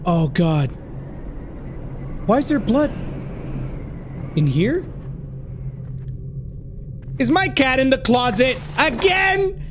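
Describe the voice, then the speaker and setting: A man playing a horror game and reacting out loud, swearing often and dropping in Spanish slang as he thinks out loud. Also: very high voice, sing-song, drawn-out words, long pauses, background noise. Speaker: gaming YouTuber.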